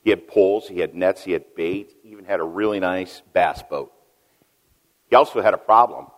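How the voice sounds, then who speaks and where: A middle-aged man preaching a sermon as a pastor, telling a story that swings between loud emphasis and hushed asides. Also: deep voice, normal speed. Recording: long reverb of a large hall.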